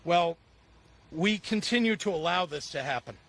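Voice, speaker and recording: A man giving an emphatic public speech as a politician, measured and repeating phrases for stress. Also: fairly high pitch, animated, gravelly, a bit bright.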